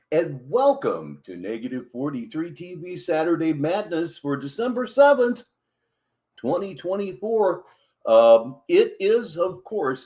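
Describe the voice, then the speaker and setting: A male livestream host talks in a slow, deliberate way. His voice sits a little high and rises and falls a lot. The delivery stays wry and sarcastic throughout. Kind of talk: livestream commentary.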